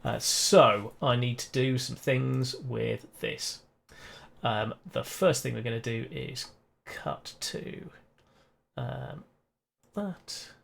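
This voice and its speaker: A man's voice: medium pitch, slow, vocal fry, fairly bright tone, a little hiss or hum. A man running a tabletop role-play game as game master, talking casually with many fillers and restarts.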